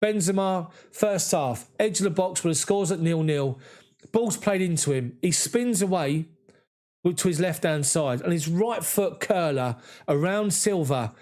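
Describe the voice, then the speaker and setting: A man giving emotional, excited live fan commentary on a match. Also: high-pitched, measured pace.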